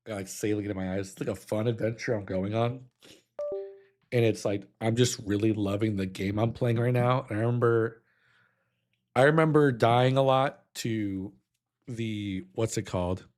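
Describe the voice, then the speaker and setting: A man's voice: on the low side, normal speed, a little mellow. A young adult man streaming, reacting with emotion, choked up and nostalgic, humming a melody now and then.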